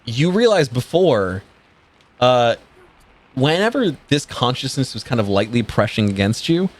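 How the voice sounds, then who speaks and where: A man narrating as game master in a casual, swearing way with lots of "uh" fillers. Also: mid-range voice.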